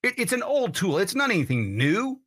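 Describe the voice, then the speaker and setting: A man's voice: sits high, very animated, moderate pace, a bit bright. A man hosting a political commentary show, ranting in a heated, blunt and profane way. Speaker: host.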